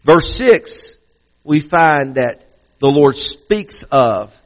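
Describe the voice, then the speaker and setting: A man's voice: on the high side, expressive, very slow, rough recording. A male pastor preaching a sermon in a conversational way, often restarting and repeating phrases.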